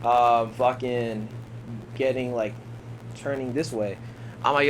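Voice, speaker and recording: A man's voice: mid-range voice, lively intonation, measured pace, a bit bright, a little hiss or hum, low-quality recording. Slangy young man telling a wild story. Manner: slangy, laughs often, acts out quotes. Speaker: podcast guest. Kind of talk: casual storytelling.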